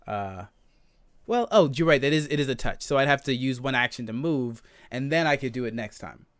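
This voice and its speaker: A man's voice: medium pitch, animated, fairly quick, a bit bright, smooth. A man playing a tabletop game, joking around and thinking aloud with hesitations. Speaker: player.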